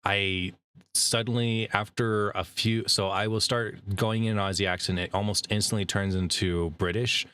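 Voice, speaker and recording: A man hosting a casual interview chat, chatty and quick to laugh, speeding up as he tells stories. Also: on the low side, steady tone, sharp tone, clean tone, no echo. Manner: chatty, laughs easily, speeds up when storytelling. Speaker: podcast host and voice actor.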